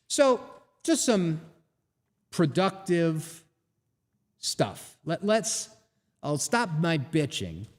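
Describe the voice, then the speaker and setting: A man hosting a live show, ranting with lively swings in pitch and pace, his voice sitting a little high. He fires off rhetorical questions, and a long reverb trails behind him. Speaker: host.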